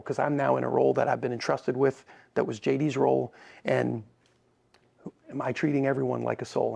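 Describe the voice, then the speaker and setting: A man being interviewed as a racing team's president, telling animated stories with many quick restarts. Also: mid-range voice, vocal fry. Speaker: racing team president, podcast guest. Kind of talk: conversational interview.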